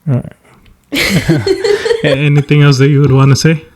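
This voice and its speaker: A man hosting a casual podcast conversation, talking in a halting, earnest way with many restarts and fillers. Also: a little high, level tone, a little mellow. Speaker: podcast host. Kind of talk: heartfelt casual chat.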